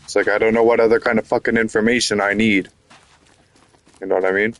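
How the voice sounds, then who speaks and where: A man's voice: lowish voice, little pitch movement, fast talker. Frustrated man narrating his gameplay. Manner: frustrated, swearing, rambling. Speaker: gaming YouTuber. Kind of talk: casual gameplay commentary.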